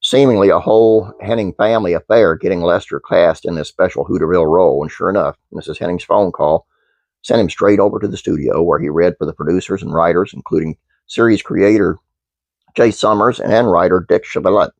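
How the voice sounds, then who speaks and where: Deep, gravelly man reading trivia. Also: brisk, darkish tone, no room sound. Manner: reads aloud with fillers and restarts. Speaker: channel host. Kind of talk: reading a trivia script, then casual chat.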